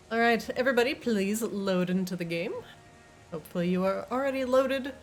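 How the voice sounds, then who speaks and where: A woman acting as game master, joking with her players and laughing often before narrating. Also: fairly high pitch. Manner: laughs often, playful teasing. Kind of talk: casual tabletop game chat and narration.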